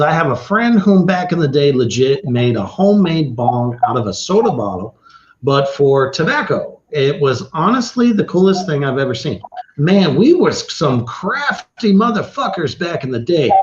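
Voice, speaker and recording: A man's voice: a little high, slight background noise. A man hosting a casual livestream, reading viewer comments aloud, swearing freely and laughing often. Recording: roomy, slightly dull sound.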